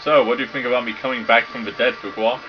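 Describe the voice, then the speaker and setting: A British man from Britain, speaking in a level, medium-pitched voice, plays through a let's play and reads the game dialogue aloud. He jokes, swears, and does quick silly character voices, all over game music in dull lo-fi sound.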